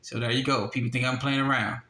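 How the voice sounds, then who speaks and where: A man's voice: mid-range voice, little pitch movement, fast, bright, forceful tone, reverberant. A man giving casual screen-share commentary, insistent, repeating "all right?" and reading web addresses aloud as he talks into a handheld camera. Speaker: online news commentator. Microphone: handheld camera or phone.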